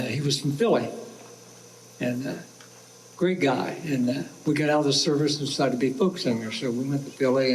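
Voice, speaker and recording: A man's voice: mid-range voice, a little mellow, slight background noise, low-quality recording. Folksy older man talking from the stage. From Ohio. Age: 70s. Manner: folksy, plainspoken, self-deprecating. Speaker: folk singer. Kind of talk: casual stage talk before a song. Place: outdoor picnic stage. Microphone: stage microphone.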